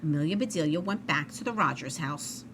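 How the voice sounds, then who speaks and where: Woman reading a kids book out loud, super lively pitch, bright voice, faint hiss behind. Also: brisk. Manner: expressive and animated. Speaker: storybook reader. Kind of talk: children's story read-aloud.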